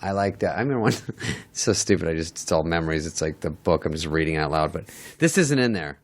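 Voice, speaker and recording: A man's voice: sits low, lively intonation, fast talker. A middle-aged man, a guest comedian, telling stories casually in a dry, wry, self-deprecating way. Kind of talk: casual storytelling with acted quotes.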